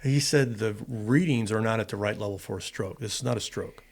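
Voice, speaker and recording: A man's voice: fairly low pitch, a little fast, creaky. A middle-aged American man, a former fighter pilot, casually telling a long personal story in an interview and acting out both sides of the dialogue. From United States. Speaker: podcast guest, retired fighter pilot.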